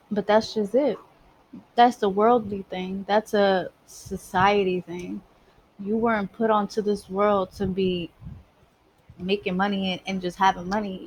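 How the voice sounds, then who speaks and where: A woman's voice: a little high, rough recording. A woman giving a casual spiritual monologue, emphatic and streetwise, swearing freely. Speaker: spiritual vlogger.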